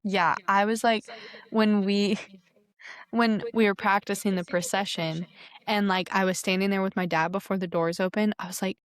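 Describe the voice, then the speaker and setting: A young woman in her twenties, a podcast guest chatting casually and telling an animated, giggly story. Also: medium pitch, normal speed. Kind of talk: casual chat.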